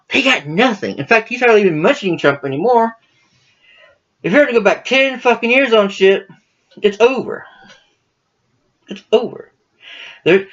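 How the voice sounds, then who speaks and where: A man's voice: high voice, dull audio. A man hosting his own political commentary channel, ranting casually to camera in a profane, combative, heated way.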